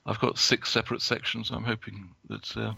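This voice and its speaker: A man giving a prepared talk from notes as a guest, halting, with many restarts and fillers. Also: lowish voice, little pitch movement, creaky, pushed and bright, slightly rough. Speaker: guest speaker.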